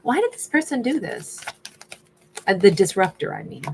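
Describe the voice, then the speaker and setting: A woman's voice: medium pitch, sing-song, normal speed, vocal fry, a little hiss or hum. A woman doing a casual tarot reading who thinks aloud and is losing her voice. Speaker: tarot reader.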